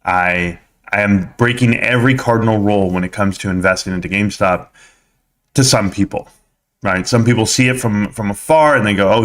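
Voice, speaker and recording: A man hosting a casual stock-market live stream, talking energetically and straight to his viewers. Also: fairly low pitch.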